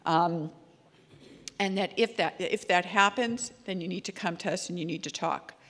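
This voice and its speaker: A woman child-safety educator giving an earnest, conversational talk to parents, telling stories with frequent ums and restarts. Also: lowish voice. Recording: long hall reverb.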